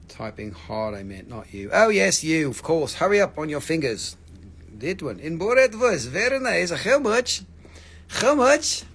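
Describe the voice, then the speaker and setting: Joking, foul-mouthed man selling crystals live. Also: a little high. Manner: joking, rambling, swears freely. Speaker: live-stream crystal seller. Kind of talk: casual live sales chat.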